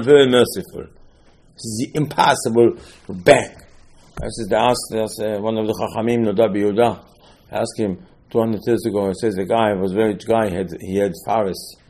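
Male preacher, husky, lively storyteller who shoots up in pitch when worked up. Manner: animated storytelling, rising to excited high-pitched outbursts. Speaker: rabbi. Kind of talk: sermon.

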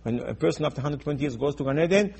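A man teaching in a sermon style, emphatic and repetitive, acting out dialogue, going from soft asides to loud urgent stresses. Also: a little high, expressive, racing, creaky, slightly rough. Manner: acts out dialogue in his teaching. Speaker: Torah teacher.

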